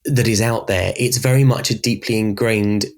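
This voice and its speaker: A man with a Southern English Berkshire accent, a voice coach speaking as a guest in a conversational podcast interview, explaining things in an animated way. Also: fairly low pitch, moderate pace. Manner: expressive, animated explainer who often laughs.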